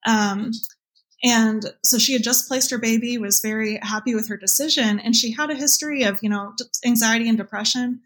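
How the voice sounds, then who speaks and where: An earnest woman answers an interviewer's questions in a reflective, open way. Her voice sits a little high. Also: brisk, fairly bright tone. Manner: earnest, reflective, quotes her own past thoughts. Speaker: guest, birth mother and support group leader.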